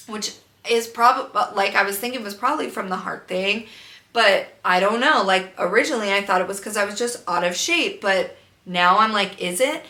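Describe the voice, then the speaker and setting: A woman's voice: medium pitch, bright, forceful tone. Frustrated young woman vlogging in an echoey room. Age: young adult. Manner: frustrated, rambling, swears freely. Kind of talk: casual chat. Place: home room with a loud air conditioner. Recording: echoey room, faint hum.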